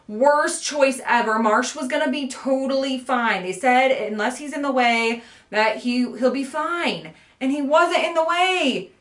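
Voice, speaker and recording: A woman's voice: on the high side, a bit bright, roomy sound. A woman talking casually and animatedly as a book vlogger, laughing often as she reviews a horror novel.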